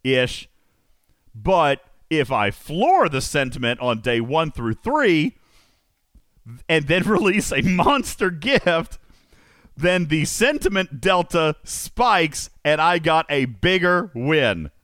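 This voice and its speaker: Animated, high-voiced male host. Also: takes it slowly, no room sound, clean studio sound. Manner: animated storytelling, laughing often. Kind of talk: casual stream talk.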